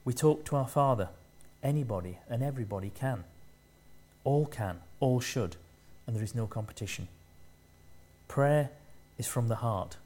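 A man preaching a sermon, speaking in short measured phrases and rising in force to stress key lines. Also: medium pitch, lively intonation, a little mellow.

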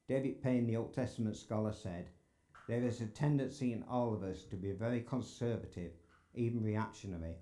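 Earnest preacher with a mellow low voice. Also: male voice. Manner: earnest, rising to emphatic exclamations. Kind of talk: sermon. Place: church sanctuary.

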